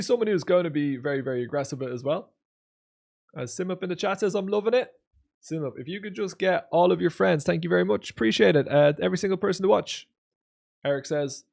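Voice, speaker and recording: A man with a gravel-edged voice pitched a touch high commentates poker replays on a live stream. He talks casually to his chat and reads out their messages. He drops into low mutters, then breaks into loud, excited bursts.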